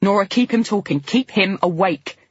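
A woman's voice: medium pitch, moderate pace, husky, dry recording, lo-fi sound, close to an everyday voice. A woman voicing a frantic young woman who gives urgent medical orders and swears under pressure.

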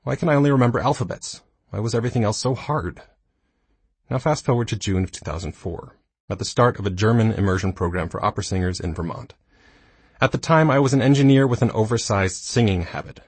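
A man in his thirties reading his own nonfiction book aloud, with dry, self-mocking humor and a slightly husky voice. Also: lowish voice, fast, no echo. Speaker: audiobook narrator. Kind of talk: scripted nonfiction narration.

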